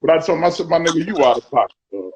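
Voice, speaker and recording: A man's voice: fairly high pitch, expressive, racing, muffled recording. A man hosting a casual talk, telling a story with lots of profanity and quoted dialogue. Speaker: podcast host.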